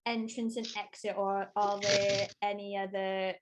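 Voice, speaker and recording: A woman's voice: mid-range voice, little pitch movement, measured pace, over a noisy crowd. A woman playing a tabletop game, asking careful questions in a casual way. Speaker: player.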